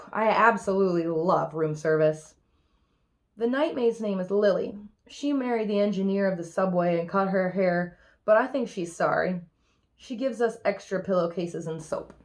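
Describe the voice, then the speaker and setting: A woman reads a children's picture book aloud, telling it in the first person as the little heroine. Her delivery is lively and expressive, and her pitch sits in an ordinary middle range. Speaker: reader.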